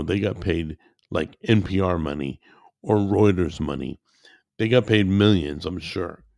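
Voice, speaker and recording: A man delivers a heated, repetitive political rant, calling his listeners guys. His voice sits low with a gravelly fry, and he talks at an unhurried, deliberate pace. The sound is close and dry. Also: darkish tone, no room sound. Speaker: commentator.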